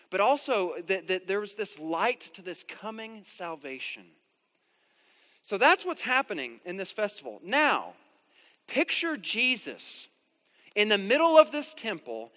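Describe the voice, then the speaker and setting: A man's voice: high voice, pushed and bright. A man delivering an earnest, emphatic sermon as a pastor, often restarting his phrases. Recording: reverberant hall.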